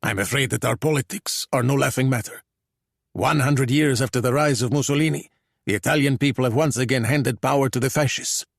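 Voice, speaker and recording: A man's voice: medium pitch, fairly quick, vocal fry, no room sound, pitched above the performer's own voice. A man voicing a courtly older male police general with a dry wit. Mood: grave. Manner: courtly, dryly witty.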